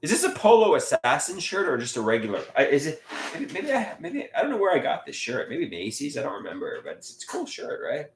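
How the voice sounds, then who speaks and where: A man's voice: fairly high pitch, huge pitch swings, fairly quick. A man rambling in a live stream monologue from home, stammering and repeating his words as he mutters to himself. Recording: echoey room.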